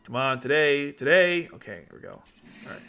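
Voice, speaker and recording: A man's voice: on the high side, lively intonation, a little fast, sharp tone, smooth. A man hosting casual gaming commentary, exclaiming in frustration as his voice cracks. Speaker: YouTube host.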